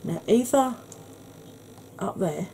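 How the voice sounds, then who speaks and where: Soft-spoken woman, slightly husky. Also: mid-range voice, expressive, takes it slowly, slight background noise. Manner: chatty, explanatory, soft-spoken. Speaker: makeup tutorial host. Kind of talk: soft-spoken ASMR makeup tutorial.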